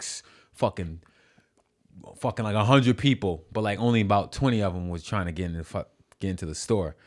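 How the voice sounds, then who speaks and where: A young man casually telling a story as a podcast guest, animated and profane, with lots of restarts. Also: lowish voice. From New York City.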